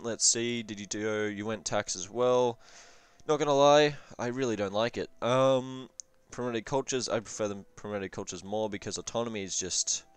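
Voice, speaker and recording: A man's voice: fairly low pitch, smooth, no echo. A young man casually reviewing a strategy game session, rambling with profane jokes and asides. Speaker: gaming commentator.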